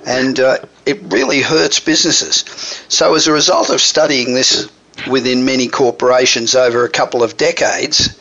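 A man's voice: mid-range voice, fairly bright tone. A man with an Australian accent hosting a business radio talk show and introducing his guest in a conversational way. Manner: conversational, with fillers and restarts. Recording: dull lo-fi radio recording.

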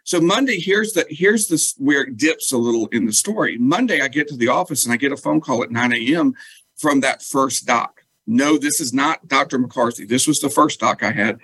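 A man, a guest telling a personal story in lively, casual talk and acting out what others said. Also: medium pitch, moderate pace, husky, no echo, rough recording. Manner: animated, acts out quoted dialogue.

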